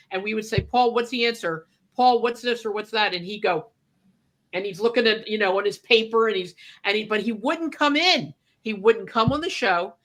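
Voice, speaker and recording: A woman with a bright, clear voice tells stories in casual reminiscing chat. She acts out what people said as she goes, like a radio co-host looking back on the old days. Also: medium pitch. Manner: animated storyteller, acts out quotes.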